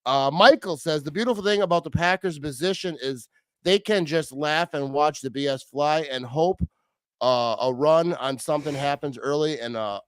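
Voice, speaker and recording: Laid-back man with a slightly high voice. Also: normal speed, no room sound. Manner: laid-back, joking, says "dude" a lot. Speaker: podcast co-host. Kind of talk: casual sports chat.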